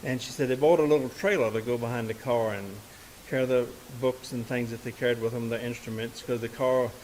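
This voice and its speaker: A man's voice: mid-range voice, steady tone, brisk, darkish tone, rough recording. A man with a drawl tells a story from a live music stage, speaking into a stage microphone. His voice sits in an ordinary middle register. His telling is loose and folksy, full of small restarts, and a light hiss runs under the recording. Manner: folksy, rambling, with many "and, uh" restarts. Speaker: musician and bandleader. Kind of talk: onstage storytelling to a live audience.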